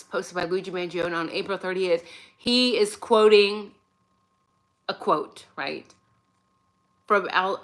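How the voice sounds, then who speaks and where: A woman's voice: fairly low pitch, fairly bright tone. A woman hosting her own channel, talking through her opinions in a loose, conversational way and tagging her points with "right?". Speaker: channel host. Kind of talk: casual opinion commentary.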